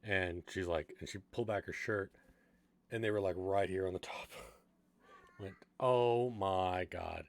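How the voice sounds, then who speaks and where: A young man with a slightly low voice, hosting a casual stream. He chats with his viewers in a relaxed, rambling manner. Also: moderate pace, pauses often.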